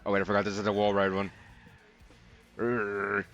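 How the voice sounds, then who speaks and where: A young man casually commenting on a racing game as he plays, rambling and relaxed with lots of filler words. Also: fairly low pitch, racing, muffled recording, faint music behind. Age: young adult. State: sleepy, yawning. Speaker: let's play host.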